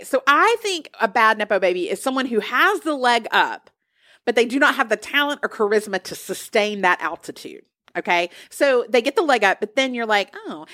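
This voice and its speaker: A woman co-hosting a casual pop culture podcast, telling stories in an emphatic, animated way. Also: medium pitch, no echo, studio quality. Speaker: podcast co-host.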